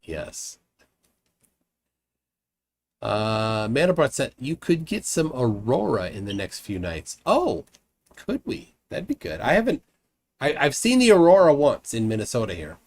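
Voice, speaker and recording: A man's voice: mid-range voice, wildly swooping pitch. A man hosting a live call-in stream in casual chat, often restarting his sentences and trailing into fillers. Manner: halting, with frequent restarts and fillers. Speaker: livestream host.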